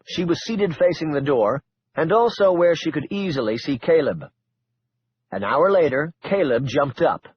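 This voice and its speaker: A man reading a thriller audiobook aloud in a steady, measured narration. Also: fairly high pitch, slightly rough, highs cut off. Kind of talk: scripted narration.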